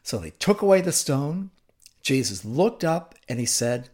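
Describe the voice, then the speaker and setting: A man preaching from the pulpit, unhurried and measured in his pace. He retells the scripture story dramatically, swelling and then dropping to a hush for effect. His voice sits at an ordinary middle pitch. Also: big pitch swings. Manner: dramatic, deliberate storytelling with acted quotes and sudden hushed drops.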